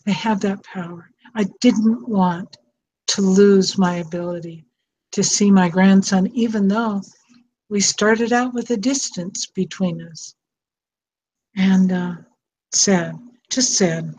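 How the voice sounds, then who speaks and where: A woman's voice: medium pitch, darkish tone, muffled recording. An older woman telling a personal story about being a grandmother, in an earnest, heartfelt way, over a call microphone with an echo. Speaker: speaker on estranged parents. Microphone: online call microphone with echo.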